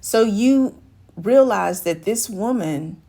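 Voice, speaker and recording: A woman's voice: medium pitch, expressive, takes it slowly, warm tone. Woman life coach acting out a scenario. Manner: acts out dialogue, shifting voice for quoted women. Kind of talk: direct-to-camera advice talk.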